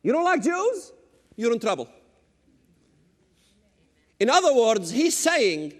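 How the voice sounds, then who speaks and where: A middle-aged preacher whose first language is Arabic gives a fiery sermon on scripture in a strikingly high, animated voice that swoops in pitch. He drives his points home with sudden shouts and teasing asides, speaking slowly with long pauses. A long hall echo carries his words.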